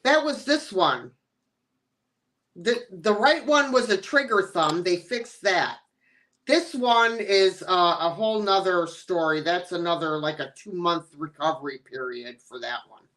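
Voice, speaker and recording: A woman hosting a casual live-stream chat, relaxed and chatty, laughing easily as she talks with friends. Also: on the low side, a little slow. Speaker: channel host.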